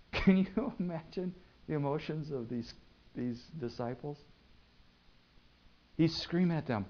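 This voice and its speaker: A man preaching a sermon, swinging between loud bursts and hushed lines. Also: a little high, lively intonation, slow pace, long pauses, dull audio. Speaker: pastor.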